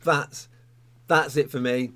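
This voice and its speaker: A man's voice: medium pitch, steady tone, slow, bright, forceful tone, slight background noise. A man teaching a drum lesson, talking casually and counting sticking patterns aloud.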